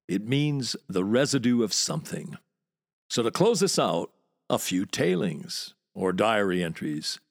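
A man's voice: medium pitch, dry recording, studio quality. An American man hosting a podcast, reading a wry, word-loving monologue. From United States. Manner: wry, relishing words, lively storyteller. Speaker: podcast host and walking tour guide.

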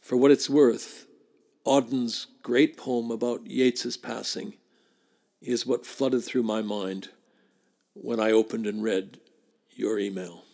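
Guy hosting a podcast, talks real slow, gravelly voice, reads letters like a heartfelt tribute. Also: mid-range voice, fairly even intonation, a little mellow. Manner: measured, emphatic repetitions. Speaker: podcast host. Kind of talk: spoken tribute and letter reading.

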